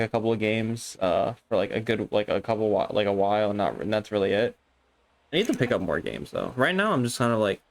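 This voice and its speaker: Excitable rambling young male streamer. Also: fairly low pitch. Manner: excitable, rambling, swears a lot, many restarts. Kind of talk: casual live-stream chat.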